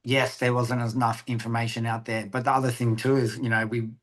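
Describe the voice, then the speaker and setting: A man's voice: mid-range voice, level tone, a little fast, a bit bright. A man with an Australian accent, a guest on a podcast, chatting casually, swearing freely and acting out conversations as he tells stories. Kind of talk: casual interview chat.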